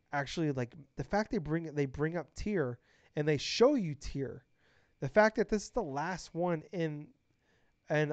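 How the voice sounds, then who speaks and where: A young man co-hosting a casual podcast, gushing and excitable, swearing freely. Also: fairly high pitch, clean tone, no echo. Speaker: podcast co-host. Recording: dry, dull lo-fi podcast mic.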